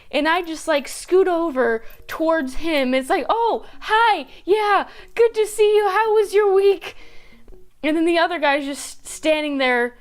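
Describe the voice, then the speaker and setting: A young woman vlogger telling personal stories casually, swearing freely and acting out her own reactions. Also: sits high. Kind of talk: casual storytelling.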